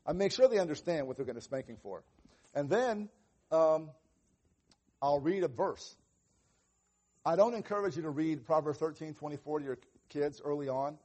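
A man with a fairly high voice preaches as a pastor. His delivery is earnest and conversational, and he breaks into short exchanges where he plays both parent and child. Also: animated, normal speed, pauses often, warm tone. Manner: earnest, acts out little dialogues with children. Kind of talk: sermon on parenting.

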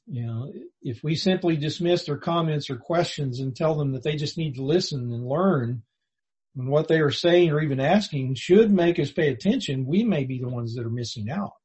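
A man's voice: fairly high pitch, animated, normal speed, darkish tone, slightly rough, poor audio. A man preaching a sermon in an earnest, plainspoken way, reading and explaining scripture for a congregation. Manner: earnest, plainspoken, restarts words, rises when quoting scripture.

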